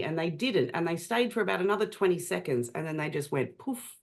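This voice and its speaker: A woman interviewing a guest, telling a personal story in a chatty, animated way. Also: on the low side, brisk. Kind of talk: conversational interview.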